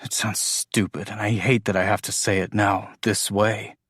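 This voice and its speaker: A man's voice: on the low side, flat delivery, moderate pace, a bit bright, husky, no echo, studio quality. A man narrating a first-person audiobook in an intimate, emotional storytelling manner.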